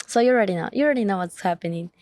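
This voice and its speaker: A woman talks casually to her viewers in a frank, exasperated way and is hard on herself. Her voice sits at a middle pitch. The sound is dry and close, with almost no room. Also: animated, quick pace, darkish tone, dry recording. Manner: frank, exasperated, self-critical. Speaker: vlogger reading her old journal. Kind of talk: casual vlog chat.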